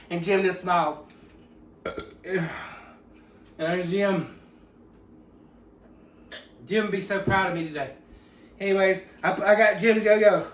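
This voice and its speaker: Man, raised pitch, deadpan profane storyteller; roomy echo. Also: slow pace, long pauses, a little hiss or hum. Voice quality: rambling, profane, mock-serious. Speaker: comedic storyteller. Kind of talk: deadpan mock biography monologue. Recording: echoey room, mic far off.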